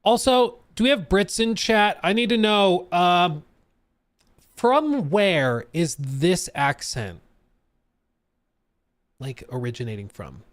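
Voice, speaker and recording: Lively, animated man streaming. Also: high voice, slow pace, pauses often, no echo. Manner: animated, chatty, laughs at own tangents. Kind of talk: live-stream reaction chat.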